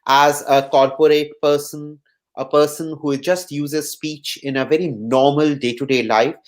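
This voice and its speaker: An interview host who steers the conversation, pausing to search for words. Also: medium pitch, fairly even intonation.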